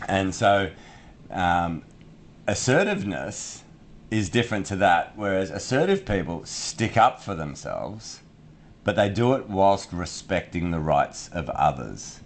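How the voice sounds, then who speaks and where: A man's voice: low-pitched, expressive, unhurried. A man co-hosting a podcast, explaining ideas in casual chat with everyday examples and frequent restarts. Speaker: podcast co-host.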